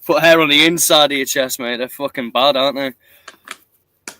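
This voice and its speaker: A man's voice: mid-range voice, steady tone, normal speed, sharp tone, no room sound. A young man hosting a stream, chatting casually, rambling and swearing constantly, laughing often. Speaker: stream host. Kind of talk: casual chat.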